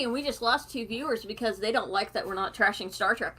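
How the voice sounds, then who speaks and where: A woman's voice: on the high side, a little fast, pushed and bright, breathy edge. A young woman hosting a live stream, chatty and giggly with a cackling laugh. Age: young adult. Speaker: host.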